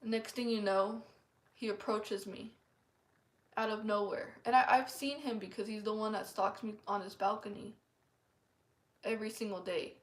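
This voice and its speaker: A woman's voice: mid-range voice, steady tone, normal speed, pauses often. A woman earnestly sharing a personal testimony in a casual, rambling way, full of "like" fillers. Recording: echoey room.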